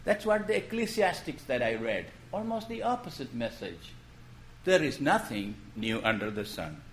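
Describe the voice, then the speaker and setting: A man preaching a sermon in a gentle storytelling way, posing questions and then dropping his voice to make a point. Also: mid-range voice, very animated, moderate pace, a little hiss or hum. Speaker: pastor.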